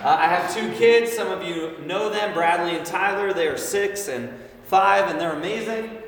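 A man in his thirties preaching to a young crowd with an easy, conversational manner, voice sitting a little high for a man. He is heard from some distance across a big, echoey hall, with a long reverb tail and faint room hiss behind him. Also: normal speed. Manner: conversational, asks the room frequent "right?" questions. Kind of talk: casual sermon to a youth group.

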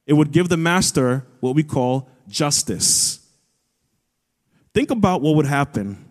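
A pastor preaching a sermon in an earnest way, rising to emphatic high peaks as he retells a scripture story. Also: lively intonation, unhurried. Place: church auditorium. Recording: long hall reverb.

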